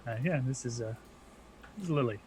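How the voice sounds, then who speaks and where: A man's voice: mid-range voice, animated, fairly quick, darkish tone, a little hiss or hum, low-quality recording. A man playing a tabletop role-playing game, speaking hesitantly and stumbling over his words in character. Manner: hesitant, lots of uhs and restarts. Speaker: player. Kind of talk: casual tabletop role-play.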